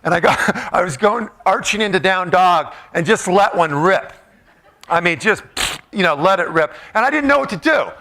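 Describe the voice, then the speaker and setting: A man's voice: sits high, expressive, moderate pace, sharp tone. A middle-aged man giving a joking, interactive talk as a motivational speaker, directing the crowd in a room with tables. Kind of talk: interactive comedic talk to a live audience. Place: event room with tables of listeners.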